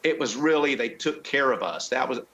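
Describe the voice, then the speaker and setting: A man's voice: mid-range voice, lively intonation, fairly bright tone, highs cut off. Rambling man on a video call. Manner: rambling, halting, with many restarts. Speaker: car club guest. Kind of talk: casual chat.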